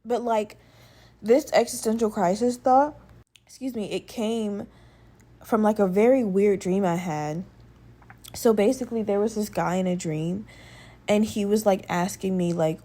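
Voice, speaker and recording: A woman talking straight to her listeners in a loose, rambling solo podcast, swearing freely and leaning on fillers. Her voice carries a slight roughness from a lingering respiratory infection, and her pitch sits in a middle range. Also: moderate pace, dark tone. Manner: rambling, profane, conversational, with many fillers. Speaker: podcast host. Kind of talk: casual solo podcast chat.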